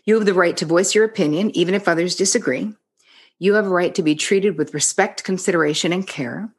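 A woman's voice: fairly low pitch, fairly quick, breathy edge. A middle-aged woman, a therapist guest on a podcast, talking frankly and bluntly in casual chat, swearing freely and often restarting her words. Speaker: psychotherapist guest.

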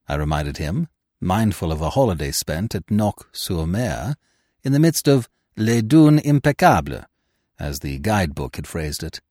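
Male audiobook narrator, lively and dramatic, lower voice, dry close sound. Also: normal speed, no echo. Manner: expressive, dramatic reading. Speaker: podcast narrator.

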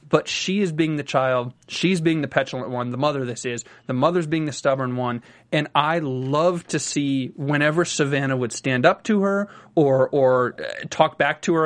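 A young man co-hosting a casual reality-TV recap chat, animated and teasing, often restarting his words. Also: mid-range voice. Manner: animated, quick to joke and tease, restarts words. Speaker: podcast co-host.

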